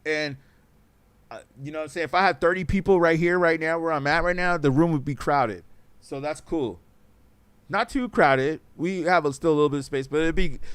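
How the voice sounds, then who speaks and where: High-voiced man ranting on a livestream. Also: dry recording. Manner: rambling, profane, emphatic. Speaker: talk show host. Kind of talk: casual livestream talk.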